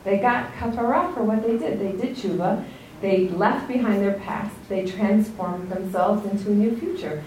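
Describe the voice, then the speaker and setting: A woman's voice: mid-range voice, normal speed, mellow, a little hiss or hum. American woman teaching from a distance. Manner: conversational, keeps checking in with "right?". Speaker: religious teacher. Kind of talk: classroom text lesson. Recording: roomy, distant mic, faint ambience.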